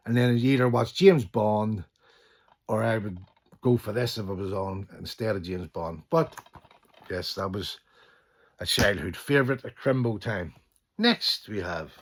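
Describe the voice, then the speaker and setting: Low-voiced man chatting enthusiastically. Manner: enthusiastic, swears casually, trails off quietly. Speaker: channel host. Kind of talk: casual film collection chat.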